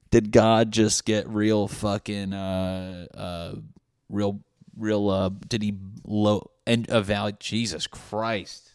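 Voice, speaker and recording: A man's voice: fairly low pitch, a little mellow, no room sound, studio quality. A man hosting a solo comedy podcast, rambling through profane tangents with laughing asides. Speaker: podcast host.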